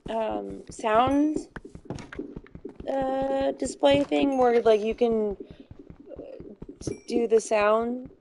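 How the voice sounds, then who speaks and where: A woman's voice: on the high side, steady tone, extremely slow, creaky, pauses often, noisy background. A young woman chatting casually while playing a game, telling stories with lots of fillers and giggles. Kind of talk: casual chat while gaming.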